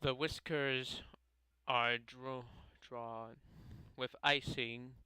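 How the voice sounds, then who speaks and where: A man narrates a game playthrough slowly and haltingly, tripping over names and correcting himself. His voice is bright and smooth, recorded close and dry. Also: mid-range voice, flat delivery, no echo, low-quality recording. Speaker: gamer reading a visual novel aloud.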